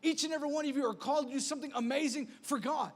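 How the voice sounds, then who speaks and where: A man in his thirties preaching a sermon as pastor, conversational and animated, with a repeated refrain. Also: very high voice, racing. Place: large church hall. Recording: long hall reverb.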